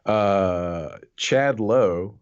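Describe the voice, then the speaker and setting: A man's voice: on the low side, very slow, smooth, lo-fi sound. A man co-hosting a podcast in casual chat, recapping a movie with wry, sarcastic asides. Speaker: podcast co-host.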